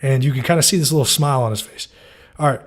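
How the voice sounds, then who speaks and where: A man's voice: mid-range voice, fast talker, slightly rough. A man giving a loose, casual breakdown of TV episodes, full of fillers and swearing. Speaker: TV show recapper.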